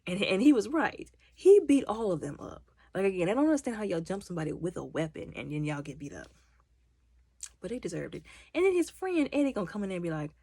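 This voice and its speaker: A woman giving a casual movie recap, animated and exasperated, acting out characters' lines as she goes. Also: medium pitch, fast, husky, dry recording. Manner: exasperated, mocking commentary. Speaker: movie reviewer.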